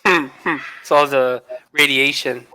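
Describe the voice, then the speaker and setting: Chill stream host guy, bright clean voice. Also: medium pitch, fairly even intonation, a little slow, smooth, rough recording. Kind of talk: casual chat.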